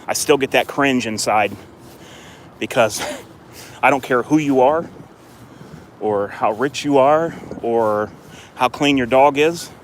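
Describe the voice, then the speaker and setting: A man's voice: slow, pauses often. Man, casual rambling vlog, outdoors with his dog, handheld phone, faint street noise. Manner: chatty and rambling, lifts his voice high for dog praise. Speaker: dog owner vlogger. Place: outdoors by a fenced court.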